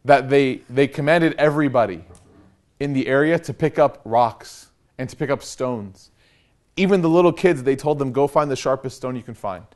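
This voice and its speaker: A young man giving an Islamic lecture, telling a story with animated, casual emphasis and rising urgency. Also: medium pitch, normal speed. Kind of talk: lecture sermon.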